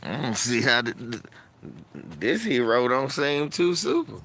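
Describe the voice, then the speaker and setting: A man's voice: mid-range voice, big pitch swings, measured pace, a bit bright, rough recording. A man giving casual, mocking reaction commentary in a drawling, profane way from a car.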